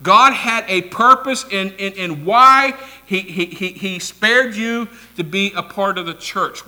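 A man preaching a sermon, swinging from loud declarations to soft asides and having the congregation repeat phrases back. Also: high voice, measured pace, few pauses. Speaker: pastor.

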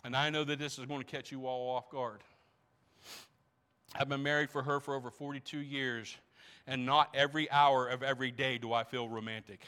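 A man's voice: mid-range voice, flat delivery, normal speed, pushed and bright, clean tone. A man in his sixties, a pastor preaching to a congregation in church, emphatic, asking rhetorical questions and repeating words. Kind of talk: sermon.

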